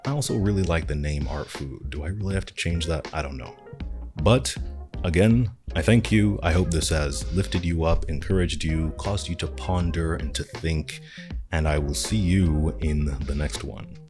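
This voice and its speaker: A man with a deep, low voice talks through a reflective podcast monologue. His delivery is earnest and encouraging as he addresses his listeners. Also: normal speed, music in the background. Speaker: podcast host and artist.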